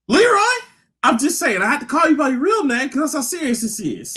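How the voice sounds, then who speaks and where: Podcast co-host, male, high and lively voice, acts out reactions. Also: fast, breathy edge. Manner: animated, laughing, acts out reactions. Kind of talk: casual chat.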